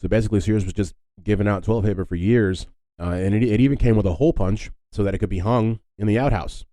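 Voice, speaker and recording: Deep-voiced, rambling podcast host man. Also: fast talker, dark tone, no echo, poor audio. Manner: rambling and filler-heavy, often adds "if you will"; wry, joking asides. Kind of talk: casual solo podcast talk.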